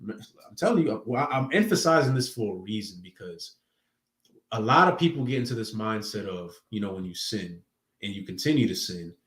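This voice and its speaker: A man's voice: fairly low pitch, animated, moderate pace, fairly bright tone. A man preaching an informal sermon in a conversational, emphatic way, acting out quoted voices as he teaches. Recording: roomy echo.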